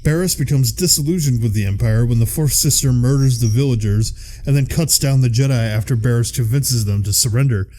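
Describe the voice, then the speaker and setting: A man's voice: mid-range voice, brisk, mellow. A man with a Midwestern American accent, chatting casually as a podcast co-host and reading out episode summaries. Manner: casual, laughs often, curses freely.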